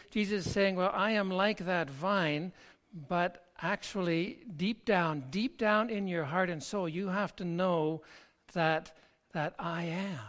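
A pastor delivers an earnest sermon at an unhurried pace. The voice sits at an ordinary middle pitch. The speech comes in halting phrases and often circles back on its words. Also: a bit bright. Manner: slow, halting delivery with frequent word repeats.

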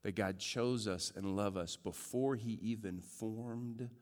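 A man pastor preaching a sermon, shifting from loud joking asides to hushed, earnest emphasis. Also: on the low side, slow, in a large hall.

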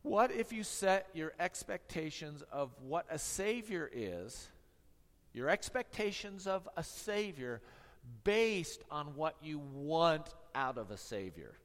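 Male pastor, wry storyteller, a touch high-pitched, heard in an echoing church hall. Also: very animated, slow, a bit bright. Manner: humorous, tongue-in-cheek storytelling. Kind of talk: sermon.

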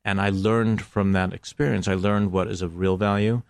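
A middle-aged American man with a low, gravelly, creaky voice talks as an interview guest. He is reflective and measured, pausing often on fillers. The sound is close and dry. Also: steady tone, a little mellow, no echo. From United States. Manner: measured, hesitant, many fillers. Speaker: filmmaker guest.

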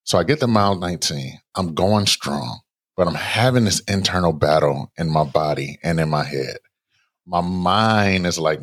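A guest author in his thirties animatedly tells a personal story in conversation, acting out the voices in his head. He speaks at a moderate pace in a voice that sits low.

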